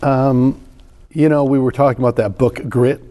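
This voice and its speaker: A man in his fifties, a sales trainer on a podcast, telling stories in an animated way and acting out the voices. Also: mid-range voice, moderate pace. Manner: animated storyteller, acts out voices. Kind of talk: podcast interview storytelling.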